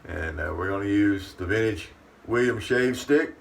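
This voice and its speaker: Here the man's pitch is fairly low and creaky, delivered at normal speed, as he casually hosts his shaving channel from his bathroom. Folksy in tone, he describes himself in the third person while talking to the camera. Faint room noise comes through the distant mic.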